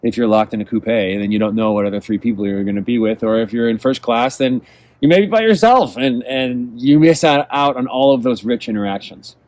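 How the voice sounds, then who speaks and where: A man's voice: medium pitch, brisk, darkish tone, dry recording. A man from California answering interview questions as a guest, telling travel stories in a reflective, enthusiastic way. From California, USA. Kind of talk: casual interview conversation.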